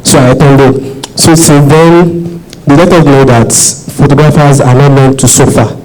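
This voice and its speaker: A man's voice: fairly high pitch, fairly even intonation, a little slow, darkish tone, poor audio. Rambling man asking a question. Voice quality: rambling, repeats himself, laughs nervously. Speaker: audience member asking a question. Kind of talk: audience question at a seminar.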